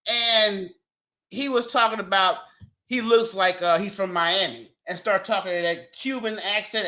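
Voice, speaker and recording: A woman hosting a podcast, trading raunchy banter with loud laughs and teasing. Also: mid-range voice, a little slow. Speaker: podcast host.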